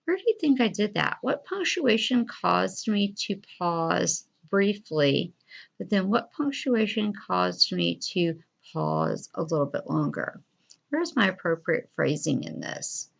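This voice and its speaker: A woman teacher giving a recorded reading fluency lesson, encouraging and deliberate, with expressive pauses. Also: fairly low pitch, creaky. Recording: dull lo-fi recording.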